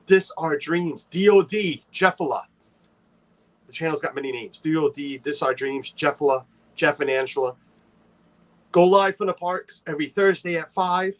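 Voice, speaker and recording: A man's voice: medium pitch, a bit bright. A man hosting a casual livestream, chatty and playful, greeting viewers by name and teasing his co-host.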